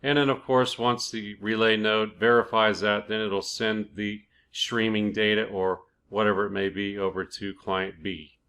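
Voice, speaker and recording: A man hosting his own cryptocurrency channel, explaining a coin project in a relaxed, conversational way, with fillers and small self-corrections. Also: fairly low pitch, normal speed, hardly any pauses. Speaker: crypto YouTube channel host. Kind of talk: casual explainer, reading from a project page.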